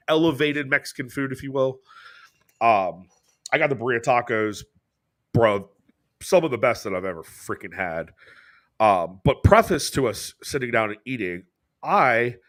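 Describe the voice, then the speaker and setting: An American man shares a story on his podcast in loose, casual chat. He swears freely and leaps up in pitch whenever he quotes someone. His voice sits at an ordinary middle pitch. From United States. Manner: animated, swearing, jumps pitch when quoting people. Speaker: podcast co-host.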